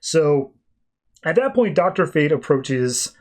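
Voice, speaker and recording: A man's voice: a little high, very animated, slow pace, a little mellow. A man hosting a podcast, retelling a comic story in a loose, chatty way with lots of fillers. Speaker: podcast host. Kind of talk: casual podcast comic recap.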